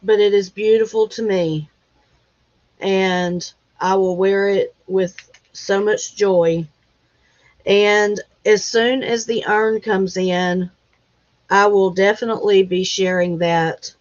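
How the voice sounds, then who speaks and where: A woman hosting a casual livestream chat, talking in an emotional, halting way as she fights back tears. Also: mid-range voice, fairly even intonation. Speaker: livestream host. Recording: dull lo-fi livestream audio.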